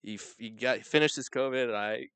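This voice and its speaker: A man's voice: medium pitch, a bit bright, clear, resonant tone, no echo. A man co-hosting a podcast in casual chat, playful and jokey. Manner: playful, jokey, quick to laugh.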